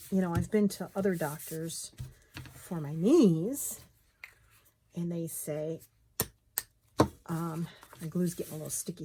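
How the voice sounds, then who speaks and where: A woman's voice: fairly low pitch, dark tone, a little hiss or hum. A middle-aged woman chatting casually while she crafts, muttering to herself as she works.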